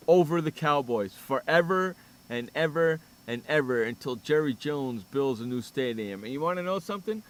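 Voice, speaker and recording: A man's voice: fairly high pitch, lively intonation, normal speed. A man hosting a sports radio show, talking brashly and boastfully in casual banter.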